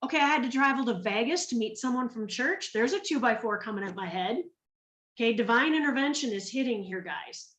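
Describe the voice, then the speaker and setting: A woman's voice: a little high, lively intonation, fairly quick, a bit bright, roomy sound, distant mic. A woman from Minnesota telling her story to an online group, acting out the voices of the people she quotes. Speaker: guest speaker on a training call.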